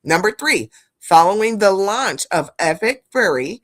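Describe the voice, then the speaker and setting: A woman's voice: medium pitch, a little slow. A woman streaming live, reacting to news clips and chatting with her viewers, blunt and profane, calling them "family". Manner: animated, blunt, profane, talks to chat as "family". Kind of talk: live-stream commentary chat.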